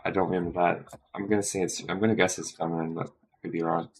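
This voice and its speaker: A man's voice: low-pitched, level tone, quick pace, slightly rough. A man thinking aloud during a study stream, muttering and correcting himself as he works through a quiz, tired and yawning.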